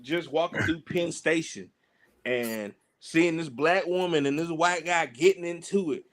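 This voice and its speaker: With a fairly high pitch and a slightly slow delivery, this male wrestler tells stories as a podcast guest. His style is slangy and loose, full of fillers, and he animatedly mimics the characters he describes.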